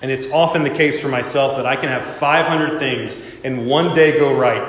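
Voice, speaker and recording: A man preaching a sermon as pastor, expressive and dramatic, acting out the voices he quotes. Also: mid-range voice, moderate pace. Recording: echoey church hall.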